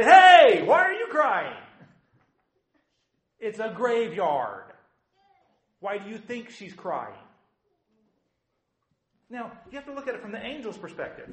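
High-voiced animated preacher man. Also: echoey room, poor audio. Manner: animated, conversational, acts out quotes. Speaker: pastor. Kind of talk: sermon.

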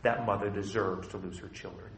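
A man's voice: lowish voice, fairly even intonation, a little fast, fairly bright tone, reverberant, a little hiss or hum, voice pushed down, close to an everyday voice. A preacher voicing a hateful ancient man. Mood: defiant. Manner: defiant, emphatic. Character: hateful ancient man refusing any pity.

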